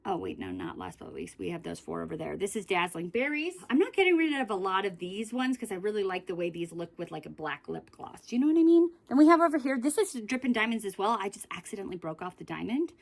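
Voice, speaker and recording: A woman's voice: mid-range voice, big pitch swings, fast talker, vocal fry, few pauses. A woman in a casual beauty vlog, chatting in a rambling way about her lip glosses and correcting herself as she goes. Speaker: beauty vlogger. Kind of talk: casual makeup declutter vlog.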